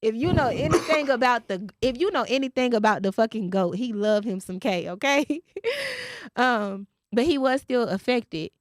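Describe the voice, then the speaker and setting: A woman podcast host, telling a story in casual chat and quoting others in a lowered voice. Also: expressive, normal speed, no echo, studio quality.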